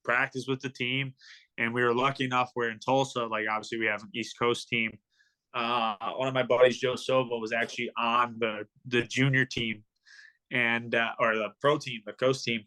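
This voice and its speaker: A medium-pitched, level-toned voice, pushed and bright, belongs to a young hockey pro in his twenties. At a moderate pace he rambles through stories on a casual podcast, leaning heavily on ums and likes.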